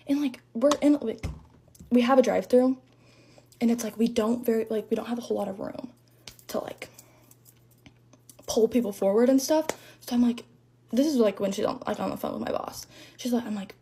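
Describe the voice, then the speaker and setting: A young woman chats through a storytime into her phone, talking in long rambling runs thick with "like". Her voice is husky and mellow and sits a little high for a woman. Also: fairly quick, pauses often. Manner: chatty, rambling, lots of "like", shaken. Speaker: drive-thru worker telling a story. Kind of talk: casual storytime.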